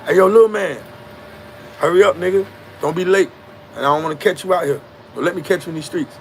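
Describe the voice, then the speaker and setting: A man's voice: medium pitch, rapid-fire, creaky, slight background noise, natural voice. A man voicing an adult male street hustler who talks in a friendly, slangy, coaxing way to a boy.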